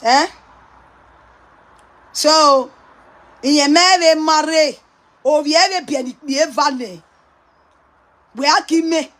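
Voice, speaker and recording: A woman's voice: high voice, drawn-out words, long pauses, a bit bright. A woman with a Nigerian accent, ranting to her viewers in a mocking, scolding way and laughing often. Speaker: online commentator. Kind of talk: casual rant to viewers.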